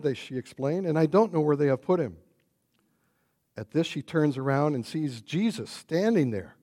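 A man preaching an Easter sermon, retelling a story and building to loud, repeated exclamations. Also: medium pitch.

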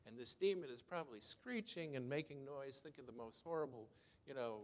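A man's voice: medium pitch, expressive, fairly quick. Guy preaching in a church, loose chatty sermon, lots of you-knows, long hall echo. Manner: conversational, many "you know" fillers.

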